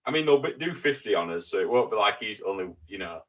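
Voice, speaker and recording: A man co-hosting a casual sports podcast, excitable and quick to swear when riled up. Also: on the low side. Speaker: podcast co-host. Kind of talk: casual chat.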